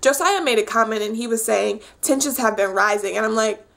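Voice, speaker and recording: Young woman, casual recap vlogger, animated and chatty, slightly high voice, vocal fry. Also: a little fast. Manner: chatty and animated, many fillers. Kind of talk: casual chat.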